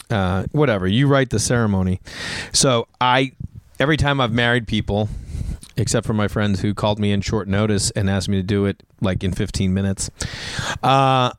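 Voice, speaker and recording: A man, a comedian chatting casually to the camera, his voice hoarse after losing it, rambling and joking at his own expense. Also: lowish voice, no room sound, studio quality. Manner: rambling, self-mocking, jokey. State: hoarse, voice partly lost. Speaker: comedian vlogger.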